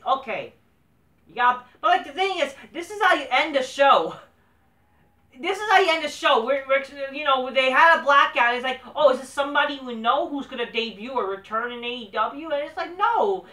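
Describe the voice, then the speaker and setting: A man tears into a wrestling show in a scornful, swear-filled rant. His voice has a sharp, forceful brightness and sits back from the mic in an echoey room. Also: very high-pitched. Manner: profane, scornful ranting. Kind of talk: ranting show review. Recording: roomy echo, distant mic.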